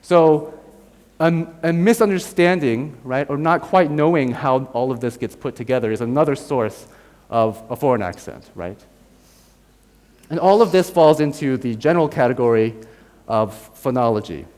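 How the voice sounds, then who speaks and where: A man's voice: mid-range voice, normal speed, darkish tone. An American man giving a university lecture. He explains step by step, demonstrates sounds aloud and keeps checking in with "right?". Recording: long hall reverb.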